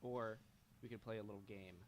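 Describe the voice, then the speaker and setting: A man's voice: on the low side, fairly even intonation. A young man hosting a college radio show, asking casual, easygoing questions of his guest. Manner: easygoing, quick follow-up questions. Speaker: student radio host.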